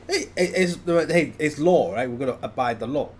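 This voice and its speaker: A man's voice: on the high side, a little hiss or hum. A man co-hosting a casual stream, chiming in with short jokey asides and laughing. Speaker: co-host. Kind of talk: casual livestream chat.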